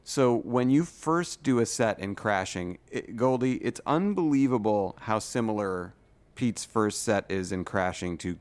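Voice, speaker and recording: A man with a lowish voice hosts a podcast interview, keeping the talk casual. He chats freely and drops in short agreeing remarks while his guest speaks. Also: expressive, unhurried. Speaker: podcast host.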